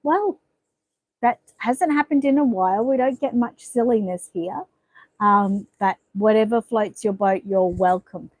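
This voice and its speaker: A woman's voice: medium pitch, measured pace, a little mellow, dry recording, poor audio. A middle-aged Australian woman chatting casually on a livestream, rambling and playfully bossy with her viewers. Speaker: livestream host. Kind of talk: casual live-stream chat reading comments.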